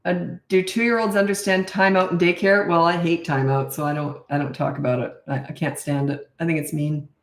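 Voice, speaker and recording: A woman's voice: fairly low pitch, steady tone, fairly quick, hardly any pauses. A woman in her sixties, a parenting coach, answering viewer questions in a blunt, emphatic and opinionated way. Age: 60s. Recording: echoey room.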